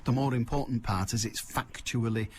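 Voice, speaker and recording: A man's voice: medium pitch, normal speed, a little hiss or hum. A man hosting a radio phone-in, blunt and wry, pushing callers along. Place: radio studio.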